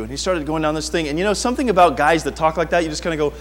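A middle-aged man preaching a sermon, telling stories with animated swings from quiet asides to near-shouting. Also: a little high, very fast, few pauses, slight background noise. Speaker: pastor.

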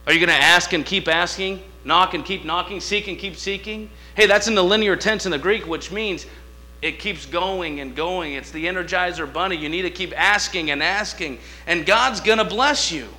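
A man preaching with fervor, his fairly high, bright voice climbing into shouts and dropping into hushed asides. He acts out the people in his stories with voices of their own. A low mains hum runs under the recording. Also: normal speed. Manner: impassioned, swings between shouting and hushed asides; acts out dialogue in different voices. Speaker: guest preacher. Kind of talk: sermon.

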